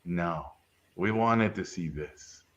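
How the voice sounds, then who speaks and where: A man putting on the voice of a blunt older art professor who talks slowly and softly with inverted phrasing. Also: sits low, dull audio, pitched below the performer's own voice. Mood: approving. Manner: Yoda-like inverted phrasing, slow, hushed.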